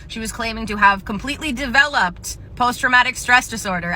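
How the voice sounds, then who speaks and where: A woman's voice: mid-range voice, fast talker, few pauses, sharp tone, a little hiss or hum. A young woman telling a retail story in a chatty, exasperated way. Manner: chatty, exasperated, lots of filler "like". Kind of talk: casual storytime.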